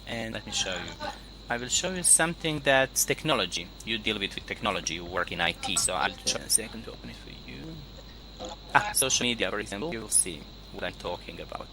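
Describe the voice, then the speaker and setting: A man's voice: fairly low pitch, animated, brisk, noisy background. A man teaching in a one-on-one online lesson, patiently repeating key words for his student. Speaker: English teacher.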